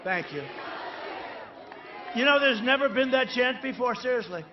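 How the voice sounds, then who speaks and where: A man's voice: very high-pitched, expressive, normal speed, muffled recording. A man giving a campaign rally speech to a crowd, rambling and boastful, with repeated asides, tag questions and sudden emphatic bursts. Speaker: political candidate addressing a rally crowd.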